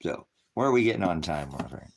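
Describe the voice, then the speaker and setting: A man's voice: deep voice, very animated, fast, creaky. A man hosting a casual livestream, rambling in a conspiratorial way, laughing often and answering viewers in chat. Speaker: livestream host.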